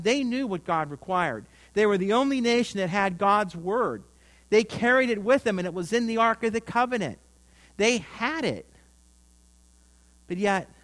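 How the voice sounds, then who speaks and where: A man's voice: high voice, fairly bright tone. A man preaching a sermon, telling a story with rising and falling emphasis.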